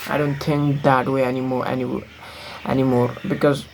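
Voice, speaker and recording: A man's voice: mid-range voice, little pitch movement, moderate pace, creaky, slight background noise, rough recording. A young man from Nepal speaking English with an American-influenced accent learned from films, chatting casually in a rambling, blunt vlog full of fillers. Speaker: vlogger. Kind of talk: casual talking-to-camera vlog.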